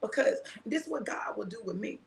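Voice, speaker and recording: A woman's voice: mid-range voice, expressive, brisk, gravelly, reverberant, slight background noise. A woman minister hosting a casual chat, telling a personal story with laughter and acting out the quoted dialogue. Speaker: minister and show host.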